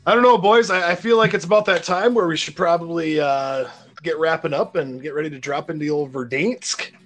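Chatty Minnesota-accented man, rather high. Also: fairly even intonation, brisk, fairly bright tone, soft background music. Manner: rambling, repeats words, laughs often. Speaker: podcast host. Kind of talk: casual gaming podcast chat.

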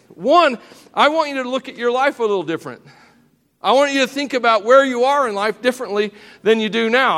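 A middle-aged man preaches in a church, his high voice cracking a little as he jokes and speaks straight to the families in front of him. His delivery is folksy and conversational. A long reverb from the large hall trails behind his words. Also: a bit bright. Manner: folksy, joking, addresses the congregation and children directly. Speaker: pastor. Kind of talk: sermon. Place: church sanctuary.

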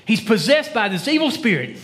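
A man preaches in church in a bright, high voice that rises and falls freely. He talks to his congregation conversationally, asking them questions. He drops to a near whisper for dramatic quotes. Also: very animated, brisk. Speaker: pastor. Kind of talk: sermon.

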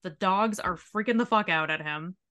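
A podcast co-host recaps a reality show in a casual, profane, animated way, often slipping into quick impressions. Her voice sits slightly low but rings bright and crisp. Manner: animated, profane storytelling with acted-out quotes. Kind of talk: casual chat.

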